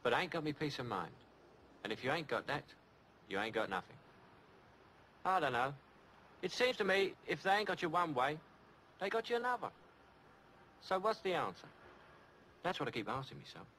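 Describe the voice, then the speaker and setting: An actor with a Cockney accent playing a young working-class London ladies' man, musing quietly on his life in a film monologue. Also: on the high side, very animated, moderate pace, long pauses. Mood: wistful. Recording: noisy old film soundtrack.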